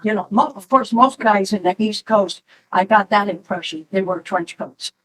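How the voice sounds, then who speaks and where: A middle-aged woman, a mother, telling a halting, animated story at a memorial gathering. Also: mid-range voice, poor audio. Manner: slow, halting, animated when quoting. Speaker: mother of the deceased.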